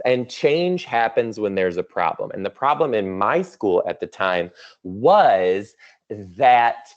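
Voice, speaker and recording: A man's voice: medium pitch, highs cut off. A man in his thirties giving a playful, chatty keynote to teachers over a video call, full of teasing asides. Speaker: keynote speaker. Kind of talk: virtual conference keynote.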